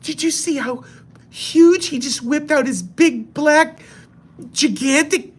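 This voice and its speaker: Gasping office lady, squealing falsetto, breathless, gushing, as a man puts her on. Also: slow. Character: startled woman office coworker, breathless and gushing.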